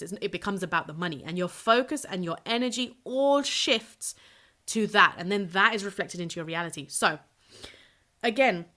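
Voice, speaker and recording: Bright, blunt woman podcasting solo. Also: medium pitch, brisk. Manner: blunt, swears freely, energetic and chatty. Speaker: podcast host and purpose coach.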